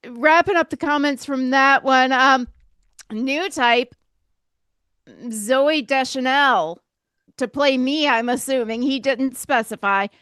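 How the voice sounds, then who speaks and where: A woman co-hosting a podcast in casual chat, hesitant, with halting restarts. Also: sits high, a bit bright, smooth, dry recording, clean studio sound. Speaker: podcast co-host.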